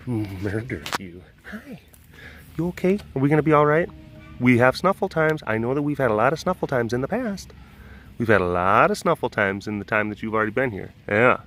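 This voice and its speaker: A man vlogging outdoors by animal enclosures, telling stories with a laugh and then talking softly to calm a big cat. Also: fairly low pitch. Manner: rambling, laughing storyteller who shifts to hushed coaxing talk with a big cat. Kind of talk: casual vlog chat.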